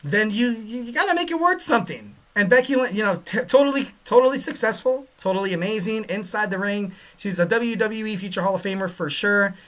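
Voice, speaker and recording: Bright high-voiced man rambling wrestling talk. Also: expressive, a little fast, hardly any pauses. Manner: rambling, lots of "you know" fillers, joking asides. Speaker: podcast host. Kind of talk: casual wrestling commentary.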